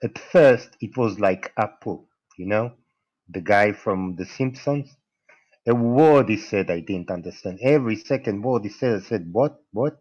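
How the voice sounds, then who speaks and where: A man's voice: on the low side, unhurried, a little mellow. A man from Israel chatting on a group call, blunt and teasing. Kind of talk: casual group call chat. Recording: dull, lo-fi call audio.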